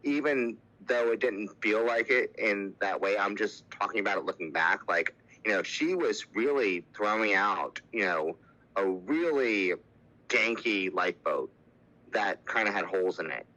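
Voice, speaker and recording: A man's voice: on the low side, expressive, unhurried, bright, forceful tone, muffled recording. A man speaking as a podcast guest, telling a personal story in casual, candid talk, with lots of "like" and "you know".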